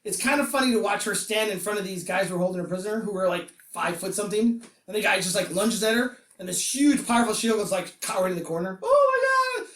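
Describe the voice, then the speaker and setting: A man hosting a podcast and chatting about comics. He rambles, laughs often and slips into a high voice to act out quotes. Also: fast, hardly any pauses, fairly bright tone. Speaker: podcast host reviewing comics. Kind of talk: casual podcast chat. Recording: roomy echo, distant from the mic.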